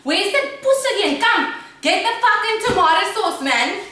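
Woman, brash and profane, high animated delivery, skit banter; echoey room recording. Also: normal speed, far from the mic. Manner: brash, foul-mouthed bickering. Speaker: sketch performer. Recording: echoey room, faint noise, off-mic.

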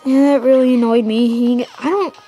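A teenage girl rambles through her gameplay commentary at home, excitable and quick to mock the characters on screen. Her voice sits a little high. Soft game music plays underneath. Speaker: let's play host.

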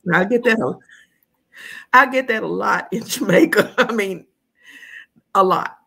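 A woman's voice: mid-range voice, a little slow, gravelly, husky. A woman from the United States, a guest in a casual conversation, telling stories with lots of laughter. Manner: animated storyteller, laughs often.

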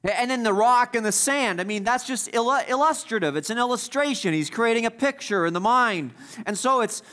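A man preaching a sermon as the pastor, emphatic, repeating key phrases and swinging between loud stresses and quiet asides. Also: very high-pitched, expressive, a little fast.

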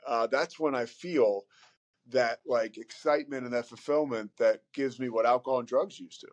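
A man's voice: mid-range voice, moderate pace, highs cut off. A man speaking as a podcast guest in casual conversation, candid and rambling, with many fillers and some swearing.

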